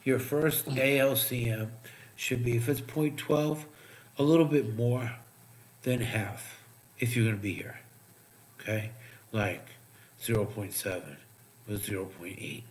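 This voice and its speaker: A man giving profane, sarcastic live trading commentary, muttering asides as he checks charts, while his voice is going hoarse. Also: medium pitch, unhurried, long pauses. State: losing his voice. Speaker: crypto trading streamer.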